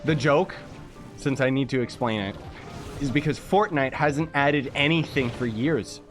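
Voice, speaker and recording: A man's voice: medium pitch, normal speed, over music. A young man from Canada chatting casually while livestreaming a game, reading chat messages aloud and making jokey asides. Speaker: livestreaming gamer.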